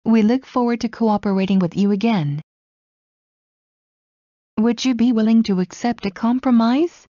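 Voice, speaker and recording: A woman slowly reading everyday English phrases one at a time for learners. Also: on the high side, mellow, dry recording, muffled recording. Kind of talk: slow scripted phrase reading.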